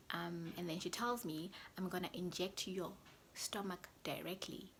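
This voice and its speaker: A young woman with a lowish voice tells her story straight to her viewers in a loose, chatty way. She often sinks into a soft whisper mid-sentence. A faint hiss sits under the recording. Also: creaky. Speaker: vlogger. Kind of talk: casual storytelling to camera.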